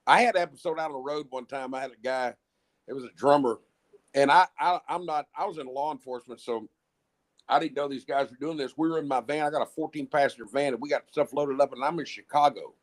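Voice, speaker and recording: Speaking fast in a mid-range voice, a middle-aged man who is a musician guest rambles through lengthy stories in relaxed conversation. He curses freely and keeps starting his sentences over.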